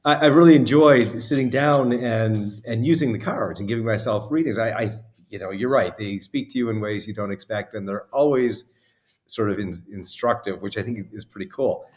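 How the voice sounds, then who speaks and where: A man with a fairly low voice hosting an interview. He asks his questions hesitantly, starting over and trailing off as he goes. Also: normal speed, darkish tone. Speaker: interviewer, host.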